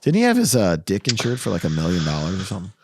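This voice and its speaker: A man's voice: sits low, huge pitch swings, rapid-fire, a little mellow, breathy edge. A man hosting a podcast in casual chat. He tells stories, laughs often and quotes people in his own voice. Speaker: podcast host.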